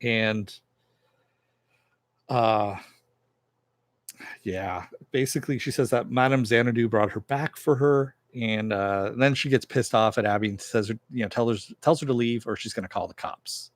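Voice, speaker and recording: A man's voice: mid-range voice, unhurried, no echo. A man hosting a casual TV episode recap and review, talking loosely with lots of fillers and jokey asides.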